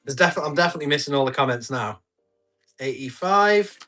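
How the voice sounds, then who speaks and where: A man's voice: on the high side, expressive, brisk, pushed and bright, faint music behind. A man, chatting casually as he runs a live tool auction, reading out bids and comments and laughing often. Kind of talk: casual live-stream selling chat.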